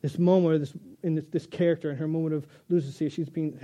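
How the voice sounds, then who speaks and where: Mellow-voiced male pastor preaching. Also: a little high, steady tone, quick pace, few pauses. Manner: conversational, joking, with restarts. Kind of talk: sermon.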